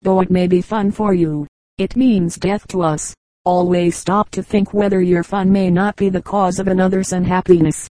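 A woman's voice: lowish voice, steady tone, normal speed, warm tone, no room sound, natural voice, rough recording. A woman voicing an old, brave male frog who pleads earnestly with children. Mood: pleading.

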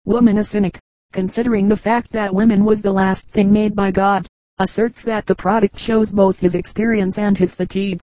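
A woman narrates old humorous anecdotes in a measured, even way. Her voice is mellow and warm, and the recording is close and dry, with no room sound behind her. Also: mid-range voice, dry recording, poor audio. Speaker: audiobook reader.

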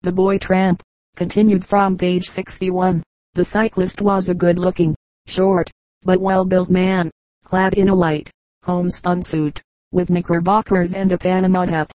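A woman reading an audiobook with steady, measured narration. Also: lowish voice, no room sound, poor audio. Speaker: audiobook reader.

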